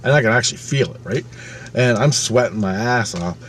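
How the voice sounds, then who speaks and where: Male storyteller, mid-pitched, plain casual delivery, profane and animated, faint hiss behind. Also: fairly quick. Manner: swears freely, acts out his own past thoughts with sudden loud and quiet swings. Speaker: channel host recounting a personal experience.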